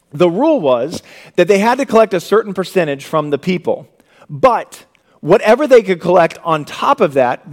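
Young guy preaching, highish voice, goes big then drops real quiet. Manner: dynamic preaching, swinging from loud emphasis to hushed low tones. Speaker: pastor. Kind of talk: sermon.

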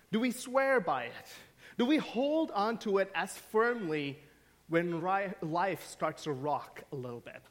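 A man preaching a sermon as pastor, telling stories and swinging from hushed, quiet lines to emphatic questions. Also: on the high side. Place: church sanctuary.

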